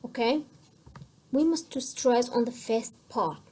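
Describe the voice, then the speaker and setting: A woman's voice: fairly high pitch, animated, measured pace, dark tone. A Kurdish-accented woman teaching an English lesson, explaining rules over and over and switching between English and Kurdish. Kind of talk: bilingual classroom lesson.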